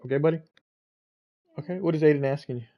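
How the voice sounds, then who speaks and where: A man commentating his gameplay on a stream and talking gently to his child between moments of play. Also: a little high, fast talker. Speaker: gaming streamer. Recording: dull lo-fi stream audio.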